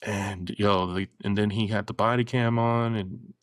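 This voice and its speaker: A man co-hosting a podcast, casually retelling news stories in an animated way and briefly mimicking the people in them. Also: fairly low pitch, a little slow, no echo, studio quality. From Florida. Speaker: podcast co-host. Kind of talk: casual chat.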